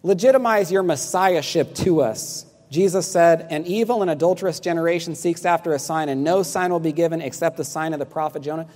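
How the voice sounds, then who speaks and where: A man's voice: a little high, brisk, few pauses, a little mellow. Emphatic male preacher in a reverberant hall. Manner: emphatic preaching, asks the congregation to respond. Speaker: pastor. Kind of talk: sermon.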